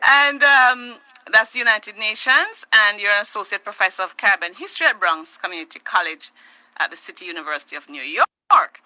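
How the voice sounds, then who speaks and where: A woman hosting a talk show, chatting lively and laughing now and then. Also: mid-range voice, a little fast, no echo, rough recording. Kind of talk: casual interview chat.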